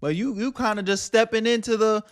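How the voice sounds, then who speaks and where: A man reacts live on his stream, talking emphatically in casual slang. His voice is notably high for a man. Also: steady tone, brisk.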